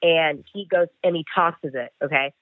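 Over a tinny, dry phone line, a man speaking a bit high and at a moderate pace recounts a chase from his bail enforcement job in an interview. His delivery is animated, and he acts out the conversation with "I'm like."

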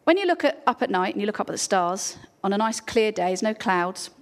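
A woman's voice: mid-range voice, big pitch swings, fairly quick. A woman giving an informal, earnest talk to a church congregation, full of ums and restarts. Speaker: charity speaker at a church.

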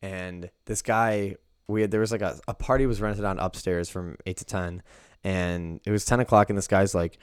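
A young man telling profane bar stories in a quick, casual chat. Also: deep voice, fairly even intonation, clean tone, dry recording, clean studio sound. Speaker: podcast co-host, bartender.

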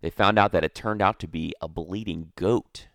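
A man with a very low voice chats casually on a podcast, rambling and calling his co-host dude. The sound is dry and close. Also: normal speed, fairly bright tone, no echo. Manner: rambling, peppers talk with dude. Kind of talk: casual comedic chat.

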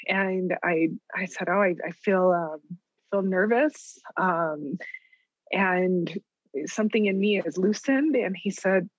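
A middle-aged woman from New Mexico, a writer, telling her story in an interview with many pauses and light laughs. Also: medium pitch, no echo. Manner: thoughtful, many ums and restarts, laughs lightly. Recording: dull lo-fi close recording.

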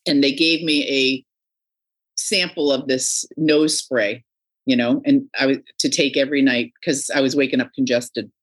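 A middle-aged woman hosting a podcast, telling stories in a casual, animated way and acting out the people she quotes. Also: rumbling low, normal speed. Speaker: podcast host. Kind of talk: casual interview chat.

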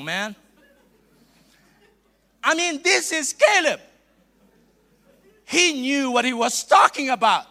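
A middle-aged Filipino bishop preaches in a high, bright voice. His pitch swings widely as he jokes with the congregation. The delivery is playful and animated, full of quick asides. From Philippines. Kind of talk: sermon.

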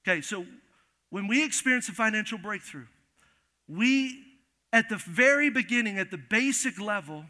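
A man's voice: high-pitched, lively intonation, moderate pace, pushed and bright, big-room sound. A man preaching a sermon as pastor, emphatic and repeating key phrases while talking straight to the congregation in a church. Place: church sanctuary.

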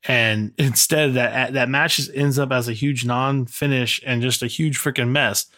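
A man's voice: medium pitch, fairly even intonation, moderate pace, pushed and bright. A man co-hosting a casual podcast chat, recounting events with fillers and self-corrections. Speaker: podcast co-host.

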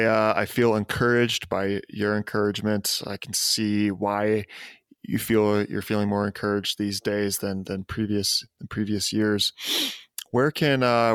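A man hosting a casual podcast interview, his voice low and fairly flat. He speaks hesitantly with plenty of fillers, recorded dry and close. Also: clean tone, no room sound. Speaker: podcast host.

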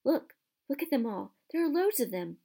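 A woman reading aloud, voicing an earnest young boy wizard who talks in a hushed, urgent way. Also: high voice, big pitch swings, normal speed, creaky, pitched above the performer's own voice, heavily acted.

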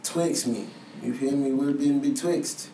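A man's voice: medium pitch, unhurried, mellow. A man co-hosting a podcast in casual chat, talking loosely and profanely as he rants. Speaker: podcast co-host. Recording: echoey room, mic at a distance, faint noise.

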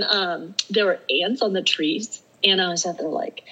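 A woman's voice: lowish voice, expressive, moderate pace, pushed and bright, husky, poor audio. A middle-aged woman, a podcast guest, telling a story in casual conversation. She acts out her own self-talk and laughs often as she speaks. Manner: laughs often while talking.

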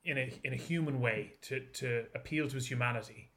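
A man takes his turn in a tabletop game, describing his character's moves in a casual, halting way. His voice is bright and ringing. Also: mid-range voice. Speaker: player. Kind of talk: casual role-play.

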